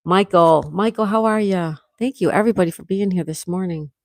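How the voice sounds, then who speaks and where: A woman's voice: fairly low pitch, brisk, dry recording, studio quality. Chatty woman host with a sore throat. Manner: chatty, reads out comments, frequent laughs. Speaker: livestream host reading chat. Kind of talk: casual live chat with viewers.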